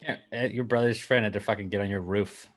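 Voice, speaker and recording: A man co-hosting a podcast, chatting casually and teasing with quick jokes. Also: on the low side, fairly even intonation. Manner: wisecracking, teasing. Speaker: podcast co-host. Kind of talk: casual chat.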